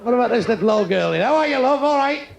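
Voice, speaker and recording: An animated comedian in his sixties rattles off crude jokes aimed at the crowd, his voice extremely high-pitched and gravelly, his pace fast. The comedy club recording is noisy with audience laughter.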